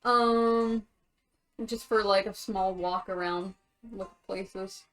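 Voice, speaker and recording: A woman's voice: mid-range voice, fairly even intonation, slow pace, fairly bright tone, soft background music, low-quality recording. Joking, chatty woman player. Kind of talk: playing a tabletop game.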